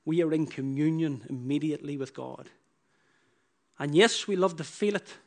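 At a normal speed, a man preaches a sermon, repeating his phrases and shifting from loud, emphatic bursts to hushed, low lines.

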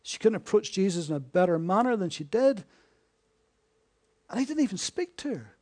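Male preacher, high voice, sermon delivery, rhetorical questions, hushed to emphatic. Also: very animated, moderate pace. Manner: swings between hushed and emphatic.

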